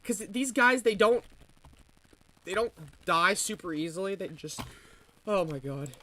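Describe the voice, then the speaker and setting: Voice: medium pitch, lively intonation, a little slow, bright, forceful tone. A streamer giving casual commentary while playing a shooter game, grumbling about the enemies. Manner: mutters and complains while playing.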